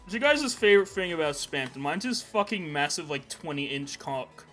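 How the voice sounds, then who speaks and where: A man's voice: on the high side, expressive, moderate pace, a bit bright, faint music behind. A young man co-hosting a casual podcast, joking, rambling and swearing freely. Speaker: podcast co-host. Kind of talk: casual chat.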